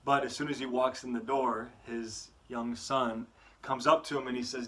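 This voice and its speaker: A man's voice: medium pitch, steady tone, normal speed, sharp tone. A man giving a motivational talk to schoolchildren, telling a story with many "right?" asides. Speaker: youth motivational speaker.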